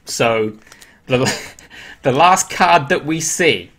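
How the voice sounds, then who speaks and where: A man's voice: on the high side, lively intonation, slow pace, a bit bright, faint music behind. A man with an English accent, hosting a casual livestream, chatting loosely, answering viewers' questions aloud and laughing at himself. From England. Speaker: livestream host. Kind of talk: casual live-stream chat.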